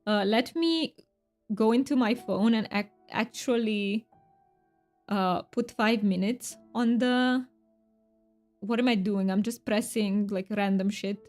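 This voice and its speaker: A woman's voice: medium pitch, slow, a little mellow, faint music behind. A woman streamer in casual live chat with her viewers, chatty and rambling, often correcting herself mid-sentence.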